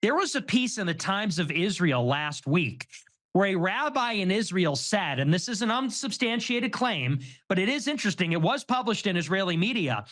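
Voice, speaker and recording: High, lively-voiced male commentator. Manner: animated, quick-reasoning delivery. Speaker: show host. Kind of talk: casual political commentary.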